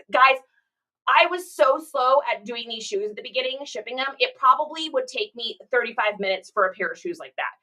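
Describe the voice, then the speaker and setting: A woman in her thirties chats casually with her livestream audience as she packs orders. Her voice is bright and sits a touch high. She is upbeat and chatty, and she greets viewers by name. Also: low-quality recording. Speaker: reseller livestreaming her shipping.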